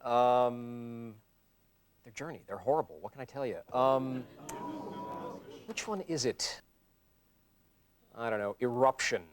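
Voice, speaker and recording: A man's voice: medium pitch, slow pace, long pauses. A man on a game show panel, trash-talking a contestant and dismissive as he answers. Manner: snarky, dismissive trash talk. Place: TV studio. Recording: studio with audience. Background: studio audience.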